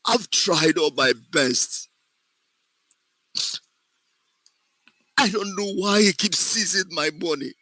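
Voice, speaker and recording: A man's voice: high voice, lively intonation, measured pace, sharp tone, no echo, heavily acted, low-quality recording. A man voicing a desperate, exhausted man who weeps and pleads as his voice breaks. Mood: sobbing despair. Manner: sobbing, breaking voice.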